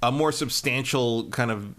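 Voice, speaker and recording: A man's voice: medium pitch, normal speed, fairly bright tone. A man co-hosting a casual gaming podcast, opinionated and searching for his words. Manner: opinionated, hesitant, many fillers and restarts. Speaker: podcast co-host. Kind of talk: casual chat.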